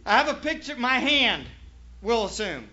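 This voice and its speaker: A man preaching a sermon as pastor, emphatic, moving from hushed asides to shouted points. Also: extremely high pitch, sing-song, moderate pace, highs cut off.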